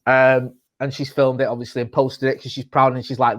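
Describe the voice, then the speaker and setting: A man in his thirties talks on a podcast in a mid-range voice. He swears freely and rambles, with lively bursts of storytelling. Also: medium pitch, brisk, few pauses. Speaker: podcast co-host. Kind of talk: casual chat.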